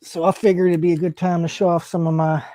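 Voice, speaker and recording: A man's voice: a little high, little pitch movement, fast talker, warm tone, no echo. A man co-hosting a casual podcast chat, talking in an easygoing, hesitant way with many fillers. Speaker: podcast co-host.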